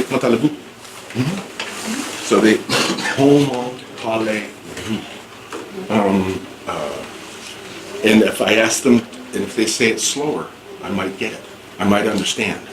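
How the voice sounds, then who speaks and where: A man teaching an English class, speaking slowly and clearly and rephrasing things so learners can follow. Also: on the low side. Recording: echoey room, distant mic, background noise.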